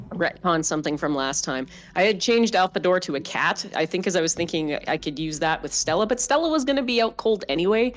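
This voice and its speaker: A woman playing a tabletop game, casually describing her character with small hesitations. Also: lowish voice. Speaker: player.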